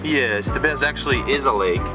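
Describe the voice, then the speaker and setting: A man's voice: mid-range voice, brisk. A young man chatting casually to the camera and to his dog as he vlogs, talking to her in a playful voice. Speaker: vlogger. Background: background music.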